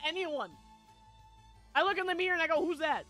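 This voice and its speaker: A chatty woman streamer with a high voice tells a rambling story to her viewers, laughing often and filling gaps with ums and likes. Her tone is bright and sharp, and soft music plays in the background. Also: moderate pace. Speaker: VTuber streamer. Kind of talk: casual chat with viewers, storytelling.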